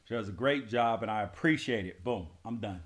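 A man's voice: lowish voice, fairly quick. A young man, co-host of a couple's chat show, talking in a playful, affectionate, easygoing way about his wife. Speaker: co-host, husband.

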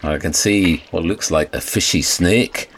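A man's voice: sits low, unhurried, fairly bright tone, husky, full character voice. A man playing a polite, bemused radio reporter in a comedy audio sketch, talking in a dry way.

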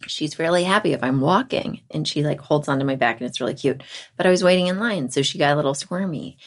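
Podcast host lady, lowish voice, chatty, tells stories and does everyone's lines. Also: quick pace. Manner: animated storyteller who acts out other people. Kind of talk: casual chat.

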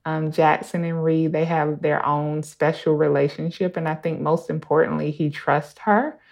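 A woman's voice: deep voice, a little mellow. A mother in her thirties telling a personal story in a casual, chatty way. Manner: casual, conversational, laughs while telling.

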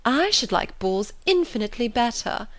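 A woman's voice: fairly high pitch, very animated, moderate pace, a bit bright, no room sound, voice pushed up. A woman reading the part of a haughty, scheming young society woman in an arch, affected manner.

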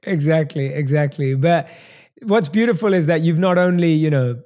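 A man's voice: a little high, normal speed, dark tone. A man from London with a London English accent, hosting an interview, effusive and repeating himself as he praises. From London, England. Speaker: interviewer host. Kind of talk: interview conversation.

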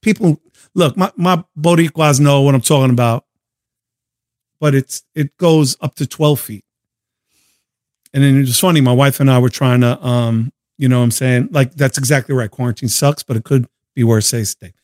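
A hoarse man hosting a casual livestream chat, telling stories in an animated, slangy way. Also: medium pitch, normal speed. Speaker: show host.

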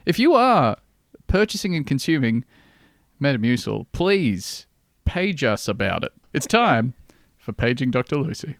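A man's voice: medium pitch, unhurried, vocal fry, no echo. A man hosting a podcast, chatting casually and joking, swearing freely. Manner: animated, jokey, swears freely. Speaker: podcast host.

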